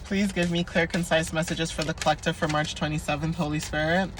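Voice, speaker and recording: A woman's voice: sits low, fairly even intonation, brisk, background noise. A young woman giving a casual spiritual card reading in a chatty, playful, sassy way, laughing often. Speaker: oracle card reader.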